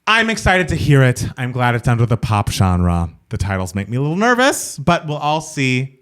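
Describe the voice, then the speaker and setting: A young man co-hosting a podcast in casual chat, animated and mimicking voices as he tells stories. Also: mid-range voice, moderate pace. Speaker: podcast co-host.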